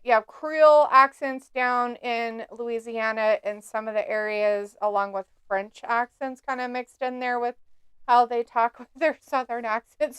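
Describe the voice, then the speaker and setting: A woman's voice: a little high, a bit bright, clean tone, no echo. A woman from the United States co-hosting a live stream, chatting and reading out viewer comments with frequent giggles. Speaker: co-host of a live watch-along stream. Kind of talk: casual live-stream chat.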